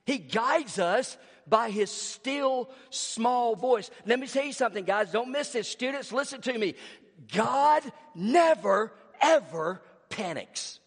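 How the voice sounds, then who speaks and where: A man preaching a sermon, swinging between hushed, intimate passages and shouted emphasis. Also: very high-pitched, unhurried, hardly any pauses. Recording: long hall reverb.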